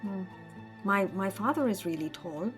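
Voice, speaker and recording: A woman's voice: mid-range voice, lively intonation, normal speed, faint music behind, lightly acted. A woman voicing a small, shy village boy who questions everything with a skeptical, pouty manner. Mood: doubtful.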